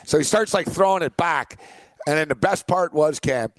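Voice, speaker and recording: A man's voice: a little high, normal speed, no room sound. A man who works in sports media, co-hosting a casual sports podcast, telling a joking story with lots of "like" fillers. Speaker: podcast co-host.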